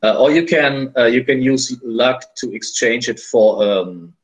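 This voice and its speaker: A man's voice: medium pitch, unhurried, rough recording. A man running a tabletop game as game master, speaking hesitantly with many fillers and restarts.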